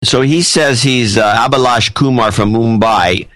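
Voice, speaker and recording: A man's voice: mid-range voice, measured pace, fairly bright tone, no echo, low-quality recording. A man co-hosting a podcast in easy, casual chat who reads listener donations in a plain, matter-of-fact way. His voice sits in the middle range and is recorded dry. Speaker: podcast co-host.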